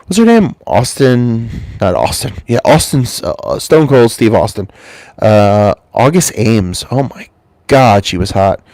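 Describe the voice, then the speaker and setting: A man's voice: mid-range voice, very animated, measured pace, no echo. Stuffy-voiced man in a crude rambling rant. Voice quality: stuffy-nosed. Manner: loose, swearing, swings between mumbles and loud jumps. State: has a cold, congested. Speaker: channel host. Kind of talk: rambling crude comic monologue.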